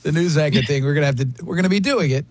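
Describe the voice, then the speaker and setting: A man hosting a radio show, bantering in a joking, animated way. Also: a little high, racing, a crowd in the background.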